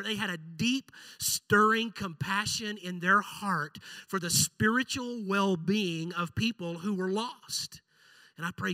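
A pastor from Central Texas preaching a sermon in a conversational way, with frequent asides and tag questions. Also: male voice, high voice, bright, forceful tone, no room sound, low-quality recording. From Central Texas, USA.

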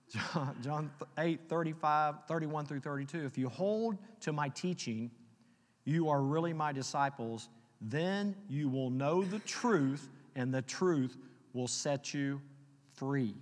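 A man preaching a sermon, reading scripture slowly and telling personal stories in a conversational way. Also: fairly high pitch. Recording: long hall reverb.

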